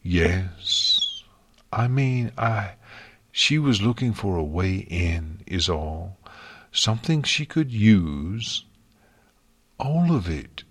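A man's voice: lowish voice, big pitch swings, very slow, fairly bright tone, breathy edge, heavily acted. A man voicing a stern, irritable female pony princess in a storybook reading, speaking harshly and curtly. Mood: hesitant. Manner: harsh, curt. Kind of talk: audiobook fan fiction reading.

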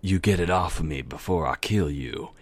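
A man voicing Death, a menacing, mocking undead stallion who taunts in a slow Southern drawl in a storybook reading. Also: low-pitched, breathy edge, dry recording. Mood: taunting.

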